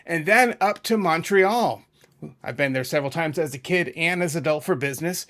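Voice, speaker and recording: A man's voice: on the high side, moderate pace, a bit bright. A middle-aged man from New England hosting his channel, chatting casually and rambling into asides and self-corrections while talking over a map. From New England, USA. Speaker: YouTube music channel host.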